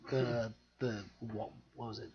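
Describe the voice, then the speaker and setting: A man's voice: medium pitch, level tone, measured pace, a little mellow, slightly rough, lo-fi sound. A man co-hosting a film podcast, easygoing and chatty, often backing up his partner. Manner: easygoing, frequent laughs and backchannels. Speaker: podcast co-host. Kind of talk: casual chat.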